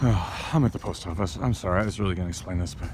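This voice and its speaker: A man talking to camera in a rambling, halting way, with many fillers and restarts, while out on a city street. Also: sits low, background noise. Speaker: vlogger. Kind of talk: casual vlog monologue.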